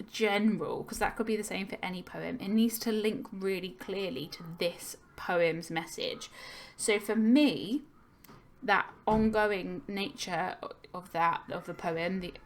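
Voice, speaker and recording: Patient woman teacher explaining a poem. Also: on the low side. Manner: patient, explanatory, thinking aloud with fillers. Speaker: English teacher. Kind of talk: recorded lesson on poetry analysis.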